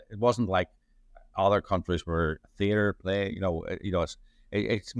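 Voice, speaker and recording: A deep-voiced man talks through his work as a journalist, rambling with restarts and fillers. The sound is dry and close to the mic. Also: fairly even intonation, normal speed, creaky, dry recording. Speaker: journalist and playwright. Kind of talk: conversational interview answers.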